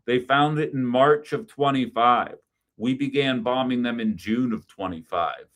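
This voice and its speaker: A man's voice: medium pitch, measured pace, a bit bright. A middle-aged man hosting a political call-in stream, talking in a blunt, sarcastic, profane way. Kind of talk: casual political commentary.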